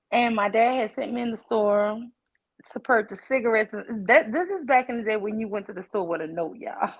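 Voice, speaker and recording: This New Orleans woman, another new voice, sounds a little high and kind of husky as she tells a personal story fairly quickly on a group call. Animated and full of "y'all," she performs the voices in her tale, and the online call device gives muffled lo-fi sound.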